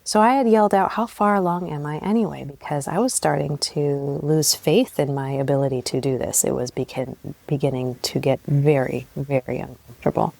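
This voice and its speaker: Low-voiced woman telling a candid story. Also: normal speed, vocal fry, no echo. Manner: candid and animated, swears freely, laughs at herself. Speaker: podcast host. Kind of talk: personal storytelling monologue.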